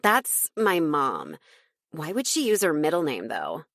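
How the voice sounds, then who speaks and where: A woman's voice: sits low, huge pitch swings, unhurried, vocal fry, fairly bright tone, no echo, clean studio sound, heavily acted. A woman doing a snooty, drawling popular teen girl. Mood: scornful. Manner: drawling, dismissive.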